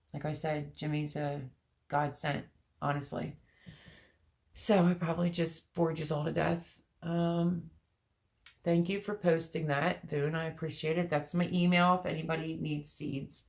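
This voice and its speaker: A middle-aged woman hosting a gardening channel, chatting candidly and emotionally with her viewers, rambling with many pauses. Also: low voice, vocal fry. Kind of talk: personal vlog chat with live viewers.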